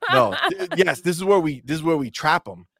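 Animated joking man, dry mic. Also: fairly high pitch, normal speed, gravelly, no echo. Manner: animated, joking, slips into silly voices. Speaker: podcast co-host. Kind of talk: casual chat reading live chat.

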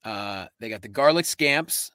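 A man's voice: fairly low pitch, measured pace, no echo, studio quality. A man co-hosting a comedy podcast, telling rambling stories in casual banter. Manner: rambling storyteller with lively bits. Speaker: podcast co-host.

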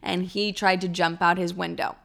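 A young woman hosting a podcast who tells a story in a casual, animated way, swearing freely. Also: normal speed, creaky. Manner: animated, crude, swears freely, acts out quotes in a high voice.

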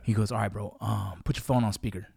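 Fast-talking slangy man, dry sound. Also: on the low side, steady tone, creaky, mellow, husky, dry recording. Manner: slangy and profane, calls people bro and dog. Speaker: podcast host; actor. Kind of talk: casual chat.

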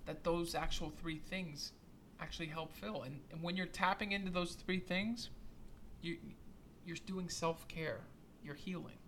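A man co-hosting a casual chat, animated and often repeating words as he restarts. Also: a little high, a little slow, slight background noise. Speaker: podcast co-host.

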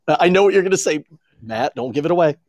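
A man's voice: a little high, expressive, fast, darkish tone, no echo, clean studio sound. A man co-hosting a casual podcast over a remote call, rambling and joking, swearing freely. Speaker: podcast co-host.

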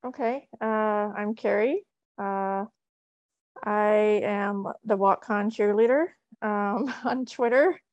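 A woman's voice: medium pitch, slow pace, dry recording, lo-fi sound. A woman in her thirties chatting as a podcast guest, upbeat and full of ums. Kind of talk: casual podcast chat.

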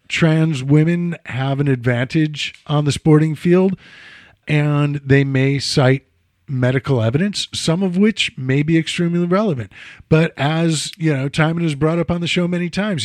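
Brief: chatty male host, slightly high voice, wanders off on tangents, dry close sound. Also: no echo. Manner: rambling, digressive, full of "you know" asides. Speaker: podcast host. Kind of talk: casual chat.

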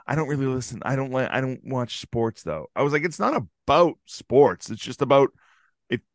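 A man's voice: mid-range voice, expressive, normal speed, no echo, studio quality. A man co-hosting a podcast in casual, jokey chat, sarcastic and swearing freely. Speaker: podcast co-host.

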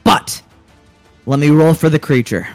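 A man narrating a tabletop game as game master, unhurried and hesitant with fillers. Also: fairly high pitch, no echo, soft background music.

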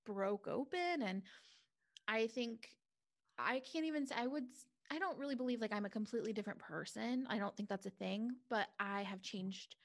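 A woman's voice: a little high, normal speed. A young adult woman talking candidly and reflectively in a casual conversation, with many filler words. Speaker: guest.

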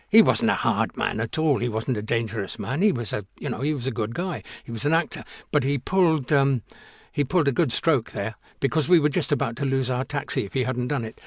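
A man in his seventies, an actor being interviewed, telling an anecdote in a halting way with many restarts and fillers. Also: mid-range voice, no echo, clean studio sound. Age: 70s. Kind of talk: reminiscing anecdote.

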